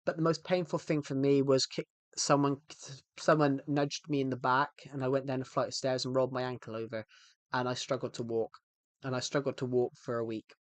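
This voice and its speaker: A man's voice: medium pitch, little pitch movement, a little fast, dry recording. A man chatting on a live stream in a rambling, jokey way, often restarting his sentences. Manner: rambling, self-interrupting, jokey. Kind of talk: casual live-stream chat.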